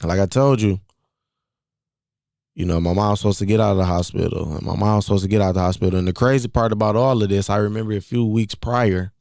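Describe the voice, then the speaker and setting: Speaking quickly with vocal fry, a young podcast host in his 20s recounts something personal in a fairly low, a little mellow voice. His manner is relaxed and conversational, often returning to repeat key phrases, in a close, dry recording without room sound.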